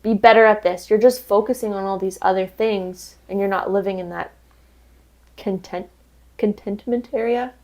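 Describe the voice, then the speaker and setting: A woman's voice: mid-range voice, fairly even intonation, normal speed, dark tone. Woman, podcast co-host, chatty, giggly, lots of fillers, indoor set. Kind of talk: casual chat over drinks.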